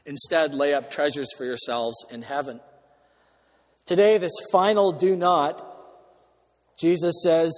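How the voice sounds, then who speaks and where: A man preaching a sermon as pastor, earnest with dry humorous asides, slowing down and lifting his voice to stress key words. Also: fairly high pitch, fairly even intonation. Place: church sanctuary. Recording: long church hall reverb.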